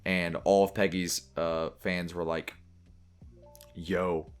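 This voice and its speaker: A young man with a lowish voice, cracking jokes and laughing easily in a casual podcast. Faint music plays underneath the talk. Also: flat delivery, unhurried, smooth. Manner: laughs often, chimes in with jokes. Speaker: podcast co-host. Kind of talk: casual chat.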